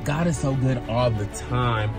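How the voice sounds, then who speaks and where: A man vlogging in casual chat from his parked car, excitable and full of slang, with the hiccups. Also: medium pitch, unhurried, music in the background. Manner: excitable slang-heavy talk with many restarts.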